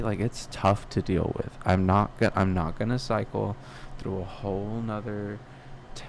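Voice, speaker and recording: There's a bit of hiss or hum under this young podcast host's fairly low, darkish voice. Speaking solo, he rambles through a reflective personal monologue, questioning himself and restarting often amid many fillers.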